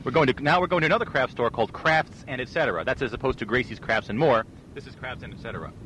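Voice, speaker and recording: A man casually leading an improv warm-up, setting up scenes and laughing along as he goes. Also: mid-range voice, quick pace, slight background noise. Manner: chatty, laughing, lively host. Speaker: improv exercise leader.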